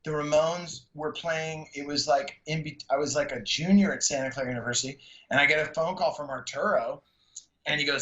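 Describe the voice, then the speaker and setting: Animated middle-aged man telling stories. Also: fairly high pitch, a little fast. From San Francisco Bay Area. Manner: animated, slangy, acts out quotes in raised voices. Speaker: stand-up comedian and podcast guest. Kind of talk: casual storytelling interview. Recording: echoey room, slightly dull sound.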